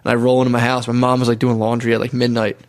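A man's voice: mid-range voice, completely flat delivery, rapid-fire. A young man telling crude stories in casual chat, swearing freely and acting out whiny crying quotes.

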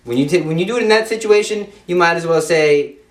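A man's voice: fairly high pitch, fast talker, faint music behind. A young man giving an informal Catholic devotional talk in an emphatic, repetitive way, with playful asides. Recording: echoey room, speaker off-mic.

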